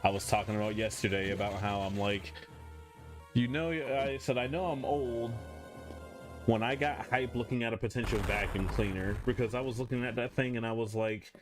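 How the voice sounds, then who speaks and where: A man's voice: fairly low pitch, steady tone, brisk. A man streaming a game, chatting in a rambling, self-mocking way from his room at home. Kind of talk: casual chat while playing. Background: game music.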